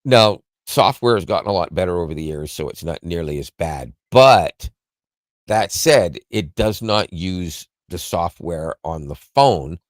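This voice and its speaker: Casting: very low-voiced male tech podcaster, loose and rambling, dry close mic. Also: lively intonation, unhurried, no room sound. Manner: rambling, self-correcting, chuckles often. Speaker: podcast co-host explaining tech. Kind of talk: casual tech podcast chat.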